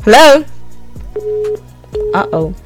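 Young woman on the radio taking calls, pretty high voice, loud and teasing, bit of music under her. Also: very slow. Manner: brash, teasing and energetic. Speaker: radio host. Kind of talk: call-in radio show hosting. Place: radio studio. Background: faint music.

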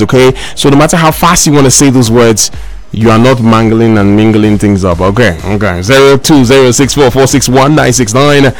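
A Nigerian man hosts a radio phone-in game, his voice sitting at an ordinary middle pitch. He is excitable, often shouting and laughing along with callers. Soft music plays faintly under him. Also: no room sound. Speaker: radio host.

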